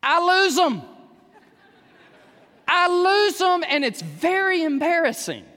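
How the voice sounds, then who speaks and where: A male pastor preaching a sermon in a church, animated, with sudden shouts and humorous asides. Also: very high-pitched, slow pace. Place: church sanctuary. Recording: echoey church hall.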